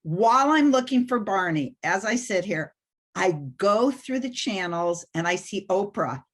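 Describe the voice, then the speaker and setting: Animated woman telling a funny story. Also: medium pitch, a little slow. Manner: animated, self-deprecating, acts out quotes. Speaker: guest mentor. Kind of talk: casual storytelling interview.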